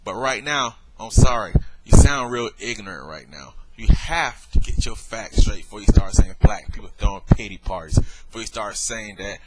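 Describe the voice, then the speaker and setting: A man's voice: lowish voice, normal speed, hardly any pauses, very noisy. A man in a video rebuttal, worked up, lecturing and exasperated as he speaks straight to the viewer. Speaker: vlogger.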